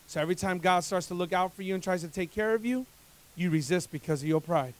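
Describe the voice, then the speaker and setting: A man preaching a sermon from the pulpit, his voice sitting high for a man. He swings from quiet, confiding passages to loud, rising appeals, acting out the voices of the people he describes. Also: quick pace. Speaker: pastor.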